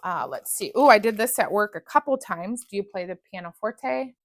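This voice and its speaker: A woman reviewing scented wax melts chats casually, gushing and often restarting her sentences. Her medium-pitched voice is expressive at a normal speed, and the sound is dry and close with no room sound.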